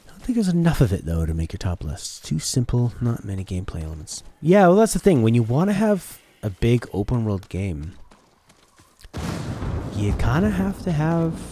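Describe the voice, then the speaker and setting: A man's voice: mid-range voice, sing-song, normal speed, warm tone, slight background noise. A man streaming a video game, chatting casually about games and reading his chat aloud while he plays. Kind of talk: casual gameplay commentary. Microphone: desk mic through an audio interface.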